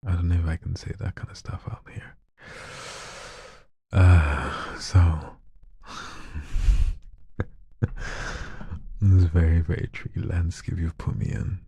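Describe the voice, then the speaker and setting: A man chatting casually on a live stream, soft-spoken and shy, often slipping into whispers. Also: low voice, flat delivery, slow pace, long pauses, slightly rough, no room sound. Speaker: live streamer and hobby voice artist.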